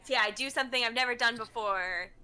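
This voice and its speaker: A woman playing a tabletop game, excitable and giggly, gushing over her character. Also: on the high side, quick pace. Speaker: player. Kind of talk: tabletop game play, casual chat.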